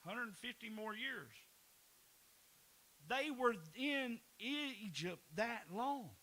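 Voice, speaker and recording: Pastor, man, high bright voice, folksy preaching with chuckles. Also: lively intonation, drawn-out words, low-quality recording. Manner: folksy preaching with laughs and repeated words. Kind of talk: sermon.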